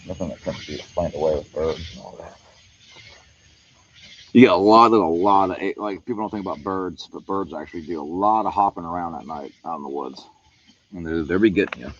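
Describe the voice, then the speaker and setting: This paranormal livestream host talks quickly in a low, slightly rough voice as he roams a wooded camp at night, casually rambling to viewers. Crickets fill the background, and the sound is lo-fi.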